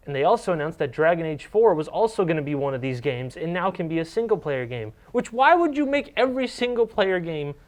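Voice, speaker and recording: A young man co-hosting a casual gaming news chat, ranting and often restarting his sentences. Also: high voice. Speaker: co-host.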